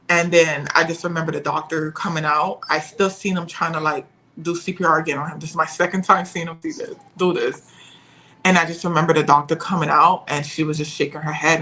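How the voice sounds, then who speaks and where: A young woman telling a painful personal story as a podcast guest, pausing and searching for her words. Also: sits low, pushed and bright, slight background noise, rough recording.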